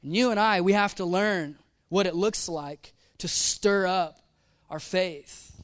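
A male pastor delivering a lively sermon, chatty and full of slang, slipping into little acted-out asides. His voice sits high for a man and bounces around as he tells the story. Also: slow pace, clear, resonant tone. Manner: casual, animated preaching with slang and acted-out asides.

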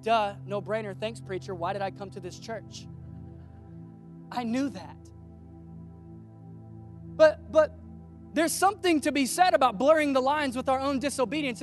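A man preaching a casual, conversational sermon, telling stories with animation and acting out the voices he quotes. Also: very high voice.

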